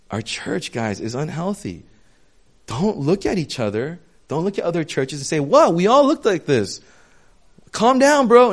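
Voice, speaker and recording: A man's voice: a little high, a little mellow. Candid, casual young male pastor. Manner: candid, self-deprecating, talks to the congregation as "guys". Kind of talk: casual sermon.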